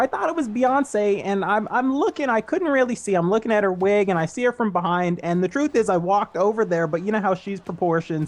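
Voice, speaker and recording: A man co-commentating on a live stream, chatting casually and telling rambling jokes. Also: sits high. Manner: joking, rambling storyteller.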